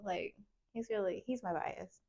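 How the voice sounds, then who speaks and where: A young woman, co-hosting a casual podcast chat and telling stories in an animated, giggly way with quoted dialogue. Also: mid-range voice, a little slow, gravelly, muffled recording, crowd noise. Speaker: podcast co-host.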